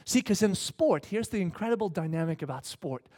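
A middle-aged man preaching a sermon, telling a story with swings from hushed lines to shouts. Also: high-pitched, lively intonation, brisk. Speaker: pastor. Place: church hall with congregation.

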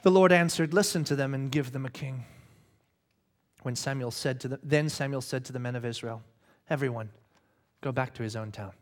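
A man preaching a sermon, reading scripture and shouting acted-out quotes with animated energy. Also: medium pitch, brisk, pauses often. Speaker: pastor.

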